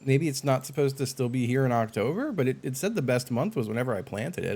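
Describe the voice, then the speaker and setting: A man's voice: medium pitch, fast talker, breathy edge. A man streaming a game live, chatting casually with viewers, swearing and getting exasperated. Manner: animated, swearing, exasperated outbursts.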